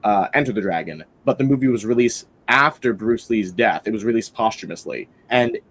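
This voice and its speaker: A man's voice: lowish voice, brisk, husky. A man hosting a casual film-review podcast, rambling enthusiastically with lots of fillers and restarts.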